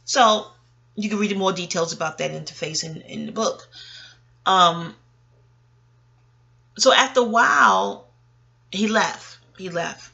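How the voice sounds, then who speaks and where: A woman's voice: medium pitch, takes it slowly, gravelly, pauses often, muffled recording. A woman in her late forties telling family stories in a casual, rambling monologue, chatty and frank, arguing with herself and swearing. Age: late 40s. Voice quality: animated, talks back to herself. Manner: chatty,喜 laughing asides, profanity. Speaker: audio blogger.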